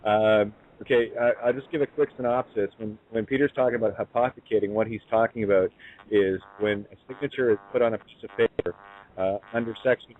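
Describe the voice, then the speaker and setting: A man hosting a talk show who speaks haltingly with many fillers and breaks in on his guest. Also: lowish voice, steady tone. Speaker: host. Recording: tinny phone line.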